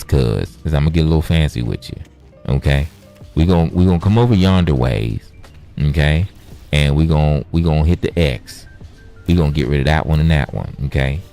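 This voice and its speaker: Deep, gravelly, animated male gamer. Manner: animated, joking and profane. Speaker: gaming vlogger. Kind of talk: casual gameplay commentary.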